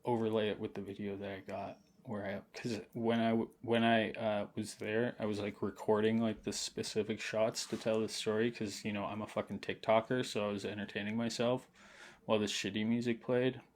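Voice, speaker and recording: A man's voice: lowish voice, little pitch movement, brisk, a little hiss or hum. A young man telling a rambling, profane story on a late-night livestream, laughing often and sounding intoxicated. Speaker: streamer.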